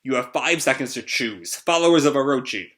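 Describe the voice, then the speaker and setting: A man reading the lines of a huge, menacing male pirate emperor who makes booming proclamations, in a bright voice. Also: animated, a little fast, close to an everyday voice. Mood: proclaiming.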